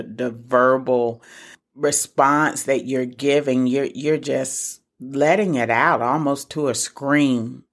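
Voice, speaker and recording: A middle-aged woman hosting a casual solo podcast, talking earnestly and encouragingly straight to her listeners. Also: rumbling low. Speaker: podcast host for single moms.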